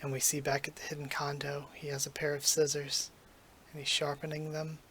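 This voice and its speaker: A man reacting to a manga as he reads it through, excited and gushing, emotional and near tears, tripping over his words. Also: a little high, fairly quick, slight background noise.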